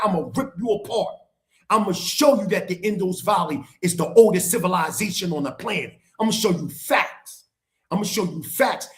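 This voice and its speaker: A man's voice: sits high, fairly bright tone. A middle-aged man speaking as a guest on a live stream, heated and lecturing, hammering his points by repeating phrases.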